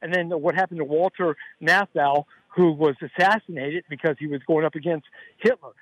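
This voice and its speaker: A male caller on a radio phone-in who rambles on in long, earnest run-on stretches. His voice is a little high for a man, with a close, dry sound. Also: moderate pace, fairly bright tone, no echo, lo-fi sound. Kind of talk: phone-in call to radio show.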